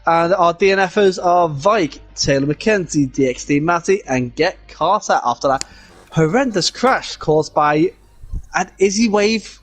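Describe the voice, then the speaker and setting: Host, male, slightly higher voice, relaxed halting race-league commentary. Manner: chatty, halting, full of fillers. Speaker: co-commentator of a sim racing league. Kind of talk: casual live race commentary.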